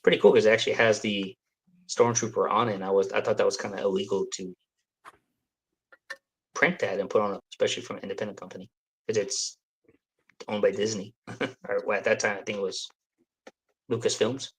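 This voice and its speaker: A man's voice: lowish voice, level tone, a little fast, pauses often, breathy edge. A man chatting as a guest on a live stream over a video call, hesitant and full of fillers, poking fun at himself. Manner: hesitant, many fillers, self-deprecating. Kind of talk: casual chat over whiskey tasting.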